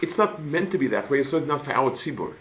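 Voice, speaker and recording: A man's voice: mid-range voice, lively intonation, quick pace. A man, a rabbi answering student questions in a Q&A lecture, telling stories earnestly and often restarting his sentences. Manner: earnest, storytelling, many restarts. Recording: tinny lo-fi lecture recording with faint hiss.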